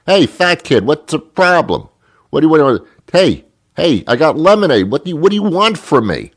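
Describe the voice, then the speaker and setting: A man acting out his younger self as a boy shouting angrily at people passing his stand. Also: a little high, very animated, moderate pace, pitched above the performer's own voice. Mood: angry. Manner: shouting, hostile.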